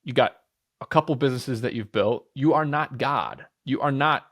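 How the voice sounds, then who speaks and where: An energetic man in his thirties speaks as a podcast guest, at an ordinary mid pitch. He pushes his points with emphasis, repeats himself for effect and restarts his sentences. Casual swearing slips into the talk. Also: normal speed. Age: 30s.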